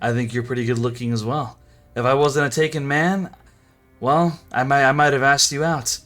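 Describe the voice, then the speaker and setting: A man's voice: on the high side, sing-song, moderate pace, faint music behind. A man voicing a cocky, hot-tempered male pirate captain who swears and boasts. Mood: smug.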